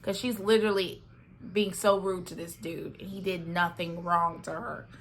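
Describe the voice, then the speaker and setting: A woman's voice: fairly low pitch, steady tone, normal speed, slight background noise. A young woman chatting casually through a reality TV recap, sassy and talkative, often checking in with "okay?" and "right?".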